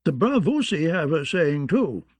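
Narrator playing a frail, quavering old scholar, nervous and a little higher. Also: male voice, very animated, a little slow, dry recording. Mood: fretful. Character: old frail male maester, fretful.

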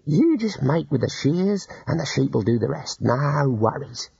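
A man reading aloud, voicing a huge male ram who speaks in a hushed, sly, conspiratorial way. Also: medium pitch, very animated, unhurried, creaky, slightly rough, no echo, muffled recording, heavily acted. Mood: sly whisper.

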